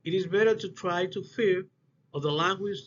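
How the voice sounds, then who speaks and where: Halting high-voiced man giving a class talk. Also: a bit bright. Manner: halting, restarts phrases, non-native English phrasing. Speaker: student presenter. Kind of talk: class presentation on phonetics. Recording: dull lo-fi audio with faint hiss.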